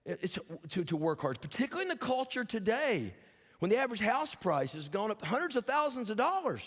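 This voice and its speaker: An older male pastor delivers a sermon in a somewhat high voice, swinging between folksy, humorous storytelling and earnest, emphatic exhortation. His voice rings out with a long reverb that trails off through a church sanctuary. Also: very animated, a little fast, fairly bright tone.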